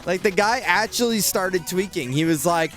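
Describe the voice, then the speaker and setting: A man's voice: high voice, normal speed, fairly bright tone, faint music behind. A man streaming a video game, chatting casually and animatedly, swearing freely and laughing often. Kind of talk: casual live-stream chat.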